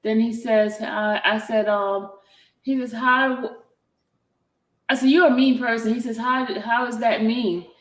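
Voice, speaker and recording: A woman's voice: a little high, takes it slowly. Chatty woman with a roomy echo. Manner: chatty, animated, keeps breaking off with "hold on". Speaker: commentary channel host. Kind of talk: casual chat reading out messages.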